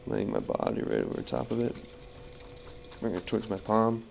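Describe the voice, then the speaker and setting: A man's voice: on the low side, very animated, normal speed, vocal fry, a little mellow, a little hiss or hum. A man teaching wheel-throwing as he works, talking through each step and counting pulls under his breath. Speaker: pottery instructor. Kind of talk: live throwing demonstration.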